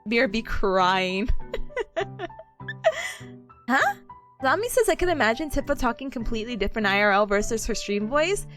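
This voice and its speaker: A woman's voice: on the high side, very animated, moderate pace, pauses often, a bit bright, faint music behind. A young woman streaming as a VTuber, chatting casually with her chat, giggly and bubbly, talking with a smile.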